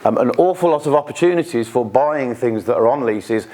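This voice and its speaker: At an investor networking event, a British man gives a casual, talkative presentation full of quick asides and quoted voices. His voice sits at medium pitch with a dark tone and a lively, varied intonation.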